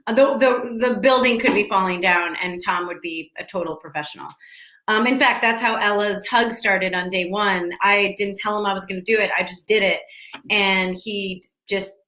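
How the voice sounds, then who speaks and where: Bright, chatty woman in an echoey room. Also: medium pitch, normal speed. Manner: rambling, chatty, restarts sentences often. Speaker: actress answering fan questions. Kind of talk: casual virtual Q&A. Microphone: video call.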